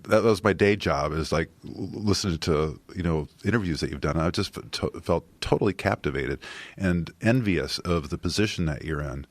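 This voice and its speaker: A man, a filmmaker guest on a podcast, speaking softly and haltingly with many restarts. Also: sits low, no room sound. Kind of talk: casual interview chat.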